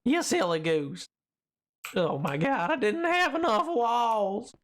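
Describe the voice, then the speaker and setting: A man's voice: extremely high pitch, big pitch swings, takes it slowly, a bit bright. A man streaming a game, chatting casually in a goofy, rambling, playful way, a little tired. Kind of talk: casual live-stream chat while gaming.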